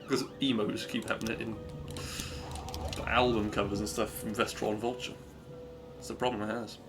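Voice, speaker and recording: A man's voice: fairly low pitch, level tone, normal speed, music in the background. A man chatting upbeat through a live speedrun, cheering his own progress and making asides to his stream viewers. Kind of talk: live gameplay commentary.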